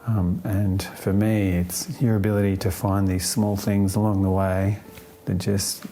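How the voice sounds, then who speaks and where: A man speaks in a low register with a mellow, soft-edged tone. He answers an interview question thoughtfully, taking his time, pausing on fillers and circling back mid-sentence. His outlook comes across as gently upbeat. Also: flat delivery, slight background noise. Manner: thoughtful, unhurried, many fillers and restarts.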